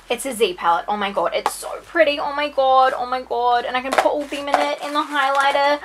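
A woman's voice: high voice, moderate pace, background noise. A young woman unboxing beauty products in her bedroom, gushing and gasping with repeated exclamations in a casual vlog. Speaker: beauty vlogger.

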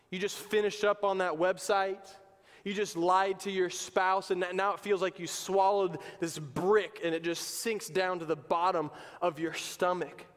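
A male pastor preaching a sermon in an emphatic, conversational way, in a church sanctuary. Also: sits high. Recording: long reverb of a church hall.

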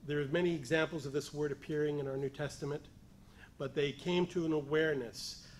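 A man's voice: a little high, steady tone, a little fast, a little hiss or hum. Man preaching, rising to emphatic peaks. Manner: rising to emphatic, raised voice on key points; pleading as he voices the lepers' cry. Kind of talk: sermon.

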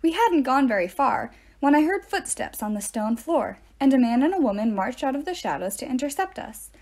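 Woman reading a book chapter aloud, kinda high voice, expressive with dry little asides. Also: a little fast. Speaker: narrator. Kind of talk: audiobook-style reading aloud.

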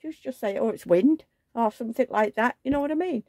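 Fairly high-pitched and quick, this older woman's vlog voice spins chatty, meandering stories peppered with asides. It's casual talk captured in a clean studio with no echo.

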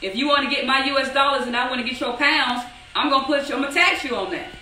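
A woman teaching a live online trading class, animated and repetitive, asking the audience many rhetorical questions. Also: high voice, fast, echoey room, far from the mic, a little hiss or hum, low-quality recording. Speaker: trading instructor.

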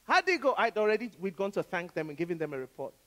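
A woman pastor from Africa preaching a sermon, with dramatic swings between loud declarations and hushed asides. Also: mid-range voice, very animated, racing. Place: church. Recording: reverberant church hall.

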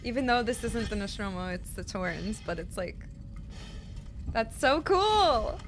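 A young woman streaming a horror game, reacting casually and excitably, swearing and gasping as she plays. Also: fairly high pitch, measured pace, slight background noise. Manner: excitable, swears, frequent gasps and squeals. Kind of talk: casual live gameplay reactions. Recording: game music playing behind.

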